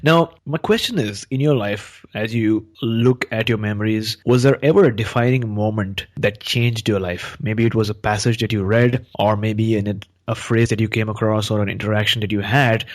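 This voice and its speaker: A man's voice: fairly low pitch, steady tone, moderate pace, few pauses. A man hosting a podcast interview who praises his guest and asks long, careful questions. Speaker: podcast host.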